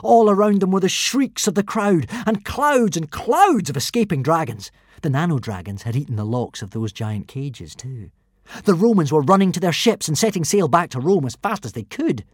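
A man narrating a children's adventure storybook in an expressive, animated reading style. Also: fairly high pitch, moderate pace, dry recording, clean studio sound. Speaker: audiobook narrator.

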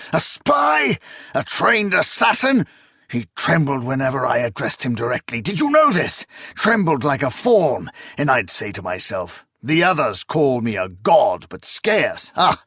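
A man's voice: mid-range voice, husky, no room sound, studio quality, full character voice. A man playing a paranoid raging emperor. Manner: ranting, drunken, shouting in rage. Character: frightened, paranoid, volatile male emperor.

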